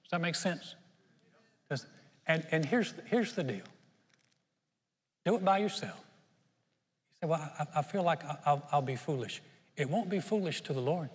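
An older male pastor preaches in an earnest, conversational way and often restarts his sentences. His voice sits a little high for a man. It rings out with a long reverb that fills the auditorium. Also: animated, normal speed, long pauses. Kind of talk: sermon.

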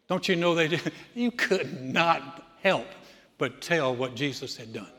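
A man preaching a sermon, telling the story with animated voices for the people in it. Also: a little high, slow pace, in a large hall. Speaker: pastor.

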